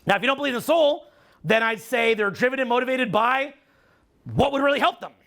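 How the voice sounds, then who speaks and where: Man, Canadian accent, middle-aged, seminar speaker, profane, teasing, bright, gravelly. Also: very high-pitched, fairly quick. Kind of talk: live seminar talk.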